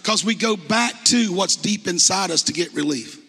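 A man preaching in a church, his voice pitched high and sharp with a husky edge. He talks to the congregation in a conversational but impassioned way, full of rhetorical questions. The sound carries a long reverb from the church hall. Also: normal speed. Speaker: pastor. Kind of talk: sermon. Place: church sanctuary.

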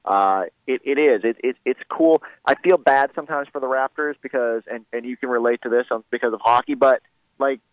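A man guesting on a sports radio show who talks fast and rambles, often restarting his sentences. His voice sits in a middle pitch. The recording is dry and close. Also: dry recording, lo-fi sound. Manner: rapid, rambling, many restarts. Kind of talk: casual radio interview.

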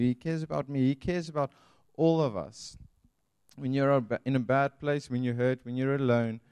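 Man, pastor type: slow, earnest sermon delivery, smooth resonant tone. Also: medium pitch, mellow, no room sound. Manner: earnest, pastoral, with emphatic slowed phrases. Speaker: preacher.

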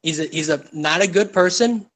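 Profane ranting man, slightly high voice. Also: normal speed, a bit bright. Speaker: podcast co-host. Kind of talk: casual chat.

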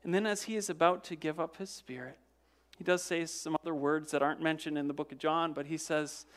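A pastor preaching a sermon, retelling events dramatically. He repeats words as he goes, asks the congregation rhetorical questions, and swings from loud emphasis to hushed, low passages. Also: brisk. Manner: dramatic storytelling with frequent word repetitions and restarts.

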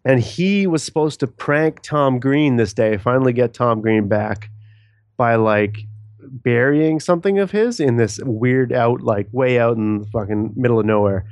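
Man, podcast co-host, casual chat, laughs often, profane, mid pitch, dry sound. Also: darkish tone, no echo. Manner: laughing, profane, quick impressions.

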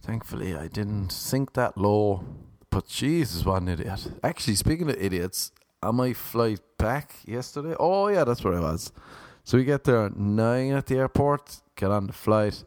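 A man's voice: on the low side, animated, unhurried, darkish tone, no room sound, studio quality. A man casually telling his viewers a profane, ranting story. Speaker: vlogger.

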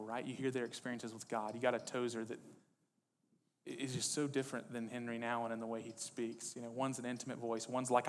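A man's voice: medium pitch, in a large hall. A male pastor preaching a sermon, reading quotes with rising intensity between casual asides.

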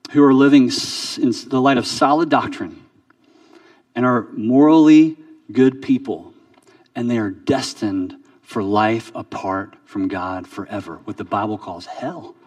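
Conversational pastor preaching from a distance. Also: male voice, mid-range voice, unhurried, no echo. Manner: conversational, repeats words, drops soft for emphasis. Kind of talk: sermon.

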